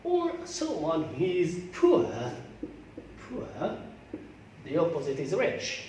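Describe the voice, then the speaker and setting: Slow Algerian man teaching English pronunciation. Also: on the high side, wildly swooping pitch, darkish tone, a little hiss or hum. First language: Arabic. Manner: slow, repetitive, drills words aloud. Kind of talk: classroom pronunciation lesson. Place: classroom. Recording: echoey classroom from far off.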